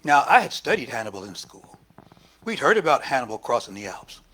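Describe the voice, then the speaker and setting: A man preaching a sermon as minister, lively and talking back and forth with the congregation. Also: mid-range voice, fairly quick, husky. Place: church service.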